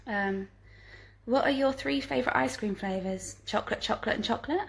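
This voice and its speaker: A woman's voice: on the high side, fairly quick, gravelly, low-quality recording. A woman and musical theatre performer chatting casually at home, reading fan questions aloud and answering them with giggles. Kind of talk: casual live-stream Q&A chat. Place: at home during isolation.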